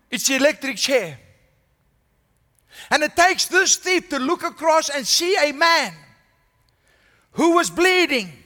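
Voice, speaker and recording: A senior pastor preaching a sermon, building to strong emphasis and asking the congregation "Amen?". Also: male voice, very high voice, bright, forceful tone, big-room sound. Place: church.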